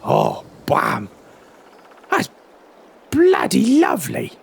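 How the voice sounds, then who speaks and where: A man voicing a cheerful, chatty male farmer neighbour in a game roleplay, with a raspy, wobbly voice full of admiring "oh"s. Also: sits high, wildly swooping pitch, very slow, slight background noise, pitched above the performer's own voice, heavily acted. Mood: impressed. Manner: friendly, impressed, lots of "oh"s.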